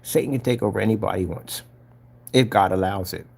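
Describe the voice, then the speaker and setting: A man's voice: lowish voice, fairly quick, creaky, a little mellow, breathy edge. Earnest preachy man telling his story. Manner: earnest, preachy, retells events with acted-out voices. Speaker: vlogger giving a personal testimony. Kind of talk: casual spoken testimony.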